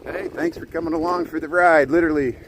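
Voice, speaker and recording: A man's voice: on the high side, steady tone, fast. A man live-streaming while he rides a bike outdoors by a lake, chatting to viewers by name and slightly out of breath. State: out of breath from cycling. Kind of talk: live-streamed city tour. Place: outdoors by a lakefront, riding a bike. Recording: outdoor wind noise on the mic. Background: wind noise.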